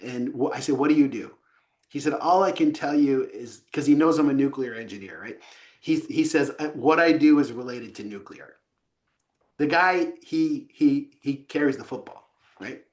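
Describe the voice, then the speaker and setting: A man co-hosting a casual trading podcast, telling stories with lively asides. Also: mid-range voice, moderate pace. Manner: animated storyteller, lively asides. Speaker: co-host of trading show.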